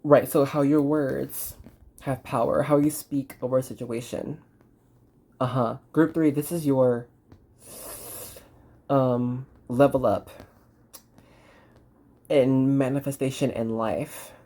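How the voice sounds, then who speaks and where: Low husky woman reading cards. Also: fairly even intonation, takes it slowly, long pauses, dark tone. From Dallas, Texas. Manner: chatty, reassuring, trails off mid-sentence. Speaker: tarot reader and spiritual channeler. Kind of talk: intuitive card reading to camera.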